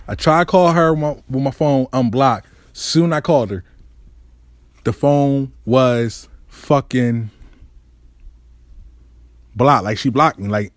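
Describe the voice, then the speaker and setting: A man's voice: no room sound, clean studio sound. A man hosting his own show, telling a personal story in a profane, slangy monologue. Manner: animated, swings between high and low registers; swears freely, slangy.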